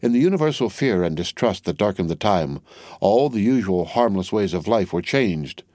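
A man reading a classic novel aloud as audiobook narrator, measured and expressive. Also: on the low side, no room sound, clean studio sound.

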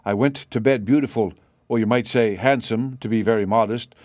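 A man's voice: mid-range voice, a little fast, darkish tone, no room sound, clean studio sound, close to an everyday voice. A man voicing a gloomy, despairing man hiding away under a curse of ugliness, with a sad, hollow voice. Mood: wailing. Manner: wailing, gloomy.

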